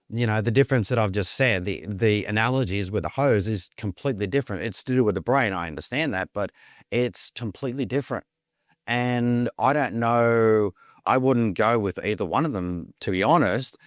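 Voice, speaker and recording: A man's voice: lowish voice, normal speed, no room sound, studio quality. A man telling his own story in casual talk, rambling, repeating words and acting out the lines of others. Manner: rambling, repeats words, acts out quoted dialogue. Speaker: podcast guest.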